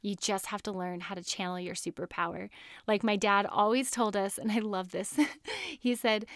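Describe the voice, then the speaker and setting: A woman's voice: mid-range voice, fairly even intonation, fast, a bit bright, dry recording, studio quality. A woman in her thirties hosting a podcast, telling a personal story in an earnest, chatty way and laughing often. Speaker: podcast host.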